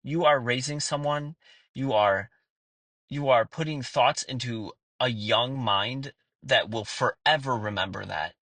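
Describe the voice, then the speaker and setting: A man's voice: medium pitch, measured pace, fairly bright tone, dry recording, poor audio. A man in his thirties hosting a podcast, talking in a candid personal monologue, blunt and earnest with plenty of swearing and fillers. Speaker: podcast host.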